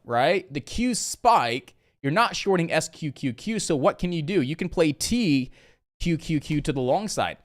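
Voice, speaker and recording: A man from Indiana hosting a casual live trading stream, chatty and energetic, talking straight to his viewers. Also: on the high side.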